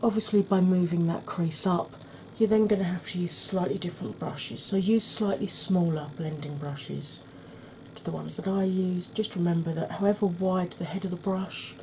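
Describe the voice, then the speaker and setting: Brief: woman, soft ASMR tutor, husky, mellow low voice, faint hiss. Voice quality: slightly husky. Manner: chatty, explanatory, soft-spoken. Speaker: makeup tutorial host.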